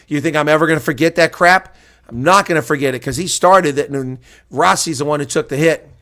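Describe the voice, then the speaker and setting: A man doing live play-by-play and reaction for a rugby match, who builds to shouting on big plays, then drops to relaxed, chatty talk and replies to viewer chat. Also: fairly high pitch, moderate pace. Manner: reads out and answers viewer chat.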